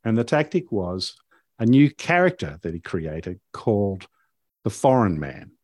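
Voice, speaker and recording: A man's voice: lowish voice, big pitch swings, a little slow, darkish tone, no room sound, clean studio sound. A man hosting a podcast, telling a story in a casual, rambling way with many fillers and restarts.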